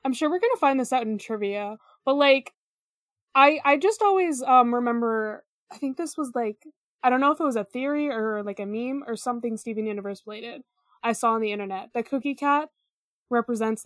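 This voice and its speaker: High-voiced, rambling woman co-host. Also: normal speed, no echo, clean studio sound. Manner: rambling, hesitant, many fillers. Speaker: podcast co-host. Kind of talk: casual podcast chat.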